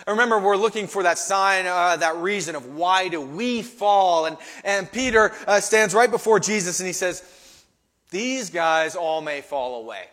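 A man's voice: high-pitched, moderate pace, few pauses, fairly bright tone, in a large hall. A man preaching a sermon, emphatic, often repeating his first words as he goes. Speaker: pastor.

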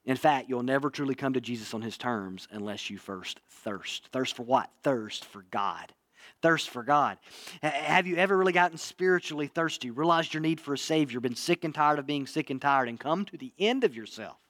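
A man's voice: medium pitch, fairly quick, fairly bright tone, dry recording. A man preaching a sermon in an earnest way, often repeating himself and asking his listeners "right?". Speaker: pastor. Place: church.

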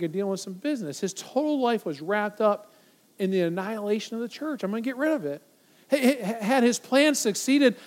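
A man delivering a sermon in a high-pitched voice, pressing his points with repetition. His delivery swings between loud emphasis and hushed lines when he voices quoted speech. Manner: emphatic, repeats phrases for weight; acts out quoted voices, from loud to near silent. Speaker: pastor.

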